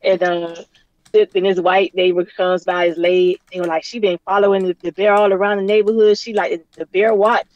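A woman's voice: mid-range voice, level tone, normal speed, a little mellow, no room sound, dull audio. A woman co-hosting a casual podcast from a remote call, telling a story with a lot of laughter. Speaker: podcast co-host.

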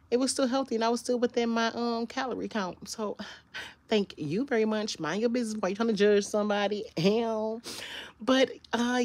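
A young woman from Michigan chats casually in a vlog, medium-pitched and free of echo. She is sassy, calls her viewers girl and baby, and uses an animated, sing-song story-time voice like she's talking to a child.

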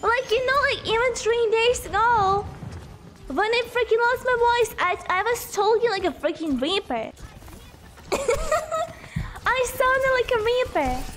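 Giggly young woman streamer, very high voice, unhurried chatter, faint music behind. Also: expressive, a bit bright. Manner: giggly, laughs often, chatty. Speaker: game streamer. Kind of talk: casual gameplay chat.

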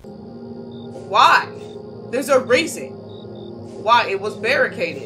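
A woman's voice: mid-range voice, very animated, slow, music in the background. A woman hosting a horror game channel, yelping at scares and teasing the game characters in slangy talk. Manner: loud, jumpy, yelps and shouts at scares. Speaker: gaming channel host.

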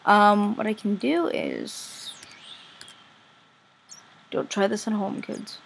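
A woman commenting casually on her own game play as a vlogger, chatty and easily excited, gushing over what she finds. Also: medium pitch, takes it slowly, vocal fry, a little hiss or hum. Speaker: gaming vlogger.

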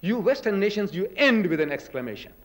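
Older guy lecturing, high voice, emphatic, keeps asking the crowd questions. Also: big pitch swings, fairly quick, poor audio. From South Africa. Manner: emphatic, rhetorical questions, mimics chants. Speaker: religious lecturer. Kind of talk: public lecture to an audience.

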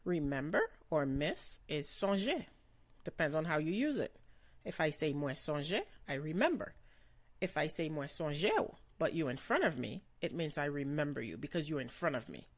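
A woman giving a slow vocabulary lesson, pronouncing each word carefully and repeating it. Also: deep voice, animated, dry recording. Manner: slow, careful pronunciation with repetitions. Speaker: language teacher.

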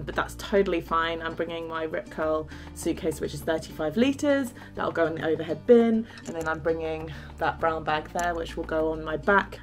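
A young woman from England chatting upbeat to camera as a travel vlogger, laughing often. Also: fairly low pitch. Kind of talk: casual vlog talk to camera.

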